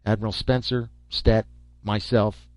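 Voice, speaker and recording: A man reading a sharp, dry-witted agent. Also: on the low side, level tone, a little slow, no echo, close to an everyday voice. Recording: dull lo-fi recording.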